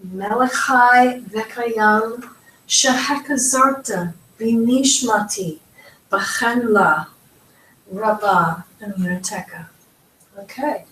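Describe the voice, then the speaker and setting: A woman's voice: fairly high pitch, recorded from a distance. A woman from the United States teaching a beginners' language lesson, patiently spelling out each sound step by step. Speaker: Hebrew teacher. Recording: echoey room, voice from off-mic.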